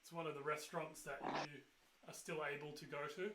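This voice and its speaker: A man narrating as game master of a tabletop game, rambling loosely with fillers and loud bursts when he voices characters. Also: on the high side, steady tone, a little fast, echoey room, heavy background noise.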